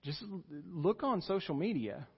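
A man preaching a sermon as pastor, earnest and rising in pitch and volume when he stresses a point. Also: very animated, normal speed, gravelly, husky, in a large hall, highs cut off. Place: church sanctuary.

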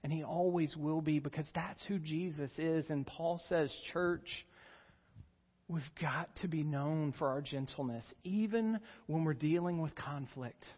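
A man preaching a sermon as pastor, earnest and rising in pitch and volume when he stresses a point. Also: a little slow, slightly rough, long reverb tail, dull audio. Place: church sanctuary.

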